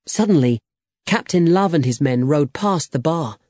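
A man narrating a simple graded reader in a slow, clear, deliberate way. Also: fairly high pitch, expressive, darkish tone, dry recording. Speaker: audiobook narrator.

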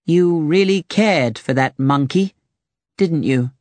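A reader doing a vain, dramatic knight. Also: male voice, a little high, takes it slowly, darkish tone, no room sound. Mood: humbled. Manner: theatrical, indignant. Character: proud vain male knight, dramatic and wounded. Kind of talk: storybook reading.

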